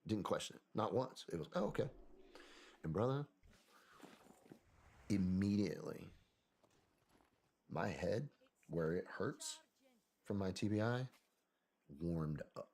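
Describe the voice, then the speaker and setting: A man, a podcast guest, telling a personal story in a soft-spoken, hesitant way that often trails off. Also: low-pitched, wildly swooping pitch, slow, long pauses.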